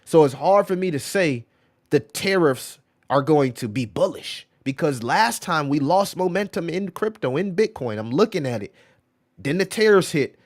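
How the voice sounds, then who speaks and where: A man's voice: fairly high pitch, animated, moderate pace. A man hosting a crypto livestream, rambling casually in slangy speech, often saying "bro" and "right?" while answering viewer chat. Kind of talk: casual live-stream commentary.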